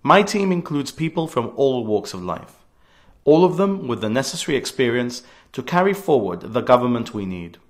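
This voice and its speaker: A man's voice: mid-range voice, very animated, normal speed. A man of about forty, giving a scripted political radio address in an earnest, emphatic way, leaning hard on key words. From Gibraltar.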